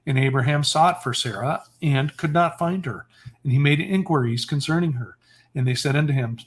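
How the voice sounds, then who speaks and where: A man hosting a livestream who reads an old religious text aloud in a steady, measured way and sometimes corrects himself. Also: fairly high pitch. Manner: steady, measured reading with occasional self-corrections. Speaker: scripture reader. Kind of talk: reading scripture aloud on a livestream.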